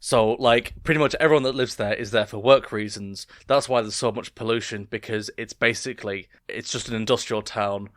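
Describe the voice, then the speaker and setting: A man, co-hosting a podcast in relaxed, chatty talk and sharing odd facts. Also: on the low side, brisk, few pauses, dry recording, studio quality. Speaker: podcast co-host. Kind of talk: casual chat.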